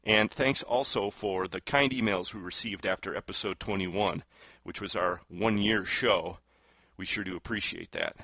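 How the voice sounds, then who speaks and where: A man hosting a talk radio show, reading the intro and lineup in a smooth, upbeat announcer delivery. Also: deep voice, normal speed, sharp tone, dry recording, lo-fi sound. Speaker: host.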